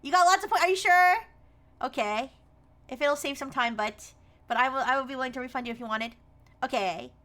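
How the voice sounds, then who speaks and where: A woman's voice: high voice, a little fast, sharp tone. A young woman streaming a game live, chatting casually and laughing often as she greets viewers by name.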